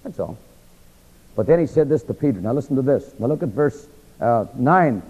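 A man's voice: medium pitch, expressive, moderate pace, mellow, breathy edge. A man preaching a sermon in a conversational Bible-teaching style, asking his listeners rhetorical fill-in questions. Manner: conversational, acts out quoted speech. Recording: echoey hall, dull lo-fi sound.

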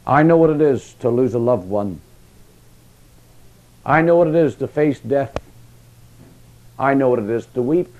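A man preaching a sermon, passionate, with emphatic rises and hushed, quiet drops. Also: medium pitch, expressive, a little slow, pauses often, lo-fi sound.

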